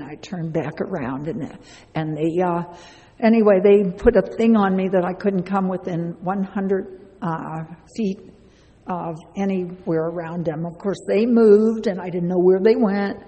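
A woman's voice: fairly low pitch, warm tone. A woman giving a chatty personal testimony to a live audience, laughing often and speaking to listeners directly. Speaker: speaker sharing a recovery story. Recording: long hall reverb.

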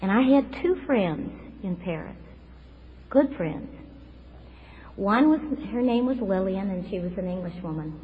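At a recovery meeting, a woman in her fifties gives personal testimony about her recovery, earnest and reflective and tearful at times. Her mid-range voice is animated and measured in pace. The lo-fi recording is dull, with faint noise.

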